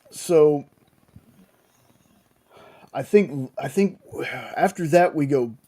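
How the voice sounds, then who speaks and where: A man's voice: medium pitch, dark tone. A man casually recapping a TV episode in a rambling way, with many restarts and fillers. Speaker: podcast host recapping a show.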